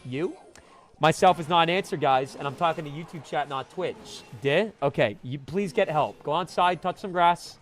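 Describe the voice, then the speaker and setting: A high-pitched man talking to his stream chat in a quick, casual way. He drops into low mumbles, then bursts into loud protests. Soft music plays behind him. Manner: animated, swings from mumbled asides to loud protests.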